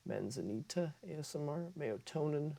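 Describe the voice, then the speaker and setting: A man's voice: fairly high pitch, lively intonation, moderate pace, creaky, dark tone. A man who makes ASMR videos, talking casually to camera and often stopping to correct himself as he reads through a list. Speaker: ASMR creator.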